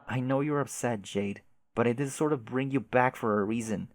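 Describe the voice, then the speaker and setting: A man reading aloud and voicing a patient companion who speaks to a grieving girl in a gentle, hushed, coaxing way. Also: medium pitch, normal speed, slight background noise, lightly acted.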